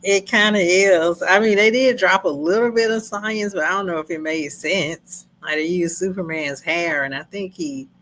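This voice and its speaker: A woman co-hosting a casual movie review chat, animated and laughing often as she acts out scenes in quoted voices. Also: on the low side, normal speed, hardly any pauses, slight background noise, rough recording.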